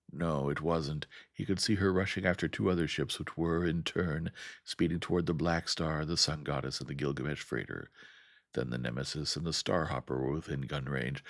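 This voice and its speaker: A man narrating a science fiction audiobook in a calm, steady way. His voice sits very low with a gravelly rasp. The sound is close and completely dry. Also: no room sound.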